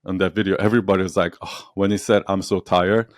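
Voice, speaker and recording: A man's voice: sits low, little pitch movement, fast, dry recording, studio quality. A man speaking as a guest in a casual interview, telling stories animatedly, acting out quotes and laughing often. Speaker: podcast guest, entrepreneur and storyteller.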